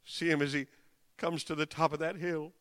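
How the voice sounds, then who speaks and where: Forceful male preacher in an echoing hall. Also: fairly high pitch, level tone, normal speed, clear, resonant tone. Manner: swings from hushed to impassioned cries. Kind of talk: dramatic sermon storytelling.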